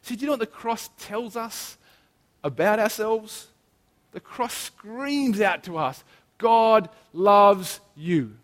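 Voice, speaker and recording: A man delivers a sermon with earnest emphasis, drawing out key phrases slowly. His voice sits a little high for a man. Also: animated, in a large hall. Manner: earnest, emphatic preaching with slow stressed phrases. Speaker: preacher.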